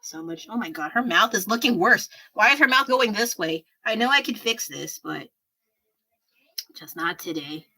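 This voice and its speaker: A woman's voice: mid-range voice, animated, normal speed, sharp tone, low-quality recording. A woman in her thirties chatting casually with viewers during a painting livestream, rambling and self-deprecating. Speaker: artist livestreaming while painting.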